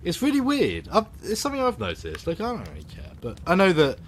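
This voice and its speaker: A man hosting a film podcast, reviewing films and chatting casually with a sarcastic, animated delivery. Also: sits high, fast talker, a little hiss or hum. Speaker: podcast host.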